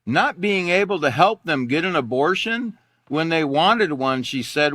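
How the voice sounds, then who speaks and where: A man's voice: fairly high pitch, animated, unhurried, a bit bright, no echo. Sarcastic older man teaching a class. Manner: mocking and sarcastic, reads articles aloud, repeats himself.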